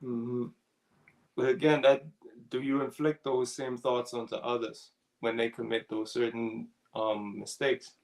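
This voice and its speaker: Gravelly, laid-back man with a chuckle. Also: medium pitch, measured pace, rough recording. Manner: relaxed, laughs often, reads out chat comments. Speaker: co-host of a ministry talk. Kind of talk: casual spiritual discussion.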